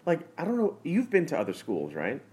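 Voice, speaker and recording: A man's voice: fairly high pitch, huge pitch swings, a little fast, darkish tone. A man hosting a casual chat, jokey and loose, laughing often and restarting his sentences.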